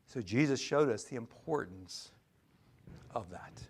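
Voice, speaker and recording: A man preaching a sermon to his congregation in church, his voice sitting a little high for a man. He pushes key words out loudly, then drops to hushed, almost whispered asides. He stumbles and restarts phrases often as he talks. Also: normal speed. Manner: animated, swinging from loud emphasis to near-whispered asides; frequent stammered restarts. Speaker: pastor.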